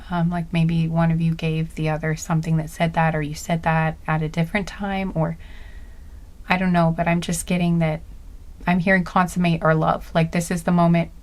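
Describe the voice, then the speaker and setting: A woman giving a casual spoken intuitive reading, gentle and earnest, often searching aloud for the right words. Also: sits low, flat delivery, normal speed. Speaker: intuitive card reader.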